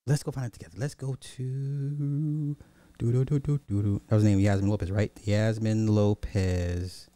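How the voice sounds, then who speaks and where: A man hosting a podcast in casual livestream commentary, animated and slangy, talking straight to his viewers. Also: on the low side, moderate pace, no echo. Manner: animated, slangy, addresses the chat directly. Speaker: podcast host.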